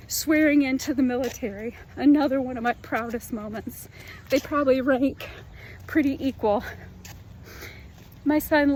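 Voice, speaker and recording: A woman's voice: high-pitched, a little hiss or hum. A woman in her fifties, out of breath after a run, talking to her viewers in an earnest, chatty way and calling them y'all. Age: 50s. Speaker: fitness vlogger. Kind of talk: casual heartfelt talk to camera.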